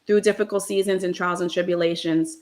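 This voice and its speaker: A woman's voice: on the low side, steady tone, fairly quick, darkish tone. A woman hosting a casual heartfelt chat, talking in an earnest, reflective way with lots of ums. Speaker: host.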